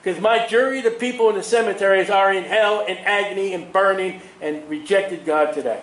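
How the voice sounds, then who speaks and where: A man preaching a sermon voices God as a gentle, grieving deity, dropping his voice low and soft. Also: brisk, echoey room, poor audio. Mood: sorrowful.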